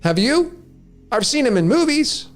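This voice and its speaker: High-pitched ranting man, nearly fifty. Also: big pitch swings, measured pace, faint music behind. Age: 40s. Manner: raw, ranting, preachy. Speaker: podcast host. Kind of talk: monologue to listeners.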